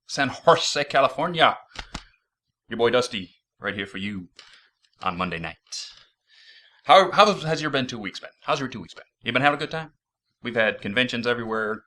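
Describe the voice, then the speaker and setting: Lively, bright-voiced man hosting. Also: medium pitch. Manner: upbeat, joking, enthusiastic. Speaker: host. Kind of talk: casual podcast interview. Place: San Jose, California.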